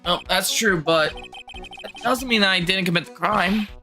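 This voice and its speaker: A woman's voice: mid-range voice, measured pace, pushed and bright, faint music behind. Woman doing a whiny, nervous young man. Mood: eager. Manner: whiny, eager pleading. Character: nervous, self-accusing young male defendant.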